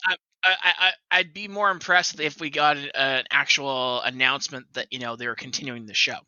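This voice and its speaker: A man's voice: medium pitch, fairly even intonation, a little fast, bright, forceful tone, no echo. A man co-hosting a podcast in casual chat, mostly giving short reactions and brief remarks. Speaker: podcast co-host. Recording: dull dry lo-fi mic.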